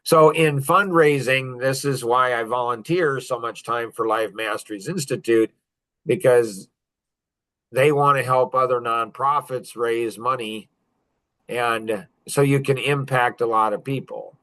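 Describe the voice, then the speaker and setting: Slow-ish and forceful, this man's bright, medium-pitched voice carries his casual podcast storytelling. In his fifties and a guest on the show, he jokes, brags and laughs a lot.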